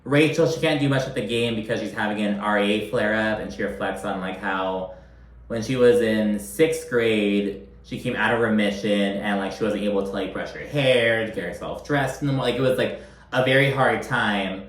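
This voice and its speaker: A man giving a casual, animated recap, swearing often and acting out quotes in mocking voices. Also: lowish voice, normal speed, roomy sound. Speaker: recap commentator. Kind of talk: casual reality-show recap.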